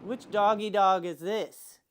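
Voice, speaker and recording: A woman hosting a fan livestream in casual chat, chatty and excitable. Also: mid-range voice, takes it slowly. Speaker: livestream host.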